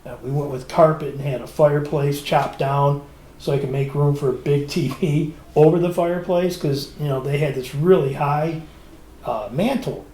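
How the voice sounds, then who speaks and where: A man's voice: on the high side, normal speed. Storytelling man in an echoey room. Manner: storytelling, animated quoting of others. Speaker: podcast co-host. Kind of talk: casual chat.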